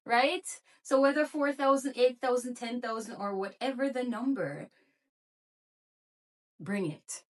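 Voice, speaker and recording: A woman's voice: a little high, animated, moderate pace, recorded from a distance. Encouraging woman with a Jamaican accent. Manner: encouraging, full of rhetorical questions. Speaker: YouTube creator and therapist. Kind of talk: casual motivational vlog.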